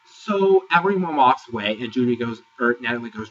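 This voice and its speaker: A man giving a sassy, exasperated casual review, ranting and sometimes mocking people in high put-on voices. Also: expressive, brisk, distant mic. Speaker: reality TV reviewer. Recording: dull, lo-fi, voice set back from the mic.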